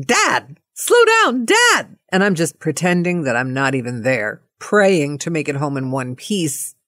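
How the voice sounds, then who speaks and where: Middle-aged woman, playful storyteller, lively swooping voice, lowish, dry close sound. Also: no echo. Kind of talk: personal anecdote monologue.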